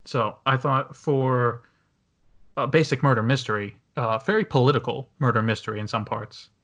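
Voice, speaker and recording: This man hosts a casual movie review chat with a voice of middling pitch. He rambles along, restarting sentences and filling gaps with ums and likes. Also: normal speed, a bit bright. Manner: rambling, many fillers and restarts. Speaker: podcast host.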